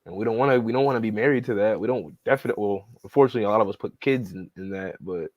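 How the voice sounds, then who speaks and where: A man's voice: on the low side, very fast. A man co-hosting a loose reaction chat. He stammers and restarts as he riffs in slang. His mic sounds dull and dry, with no room echo. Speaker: podcast co-host.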